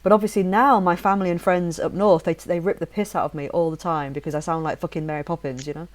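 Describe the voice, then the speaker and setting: A woman in her thirties with a softened northern English accent, hosting a casual podcast chat in an animated, swearing, restart-filled way. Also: fairly low pitch, fast. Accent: softened northern English, near-neutral British. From northern England. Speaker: podcast host.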